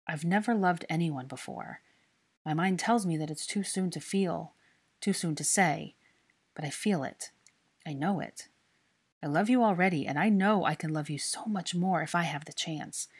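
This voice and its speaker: A woman's voice: fairly low pitch, normal speed, slightly rough. Woman voicing an anxious young man pleading. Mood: earnest. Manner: pleading, urgent.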